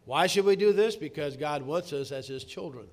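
Middle-aged guy preaching, kinda high voice, earnest, slows way down on the big words then gets loud. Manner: earnest, rising to emphatic peaks, slowing to stress words. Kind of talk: sermon.

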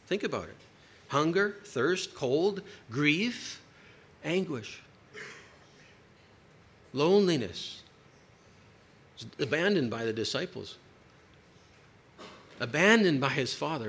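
A man preaching a sermon to a congregation, emphatic, with dramatic pauses. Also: on the high side, animated, a bit bright.

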